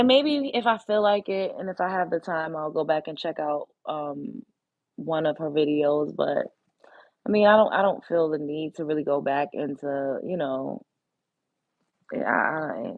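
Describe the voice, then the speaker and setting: A woman's voice: low-pitched, no room sound, phone-quality sound. A woman hosting a casual live stream, chatting bluntly with viewers and swearing freely. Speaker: livestream host. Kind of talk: casual live-stream chat reading comments.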